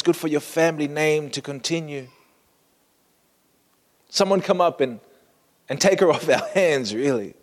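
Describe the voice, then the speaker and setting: A brash, pushy auctioneer, put on by a male preacher, coaxes a silent crowd for bids. His calls ride a little high and carry a long hall echo. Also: close to an everyday voice.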